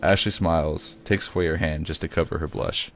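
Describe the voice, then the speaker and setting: Deep-voiced man reading his story. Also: steady tone, a little fast, faint music behind. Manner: occasional stumbles and self-corrections. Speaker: reader. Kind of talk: amateur first-person story reading.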